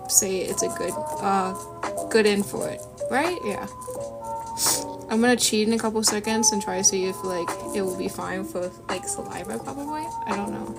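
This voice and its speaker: Here a woman with a creaky, medium-pitched voice talks casually to her viewers as she draws. She's an art streamer, sniffly from a runny nose, chatty and rambling with self-deprecating comments, and lofi music plays behind her.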